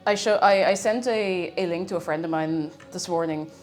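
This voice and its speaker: A woman's voice: on the low side, normal speed, faint music behind. A woman streaming live, chatting casually with viewers in a playful, giggly way, humming to herself now and then. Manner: chatty and playful, laughs often, hums to herself.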